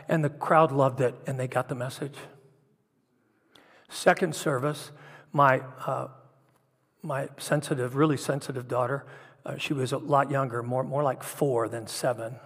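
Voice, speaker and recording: A man's voice: medium pitch, fairly even intonation, normal speed, breathy edge. A middle-aged man preaching a sermon, telling personal stories in an earnest, confessional way. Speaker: pastor. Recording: long hall reverb.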